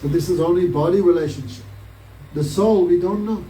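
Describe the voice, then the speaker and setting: Captured through a distant mic in a roomy setting with faint background noise, a spiritual teacher tells a scriptural story to his devotional class. He asks many rhetorical questions, and his high voice sounds brisk and mellow.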